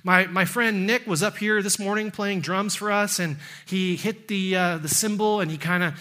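A male pastor delivers an emphatic sermon in his church, his voice high and bright. He pushes louder and higher when quoting scripture, then sinks to a soft, low finish at the end of each thought. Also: fairly even intonation, moderate pace. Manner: emphatic preaching, rising loud on scripture quotes, dropping low and soft at phrase ends. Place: church sanctuary.

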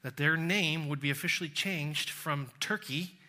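A middle-aged man with a Texan accent preaching a sermon, telling a travel story with quoted voices and slowing down to stress key words. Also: a little high, sharp tone. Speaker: pastor.

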